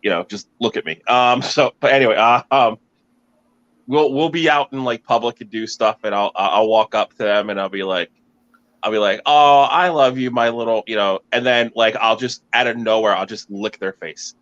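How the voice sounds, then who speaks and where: A man's voice: fairly low pitch, steady tone, normal speed, fairly bright tone. A father tells playful, hesitant stories about his kids in a casual chat. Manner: playful, hesitant storytelling with fillers. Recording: dull lo-fi audio.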